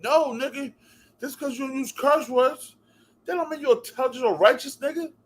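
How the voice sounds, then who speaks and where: A man's voice: extremely high pitch, normal speed. A man from New Jersey ranting to camera as a vlog commentator, heated and repetitive, cutting in with "yo" and "bruh". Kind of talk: profane rant to camera.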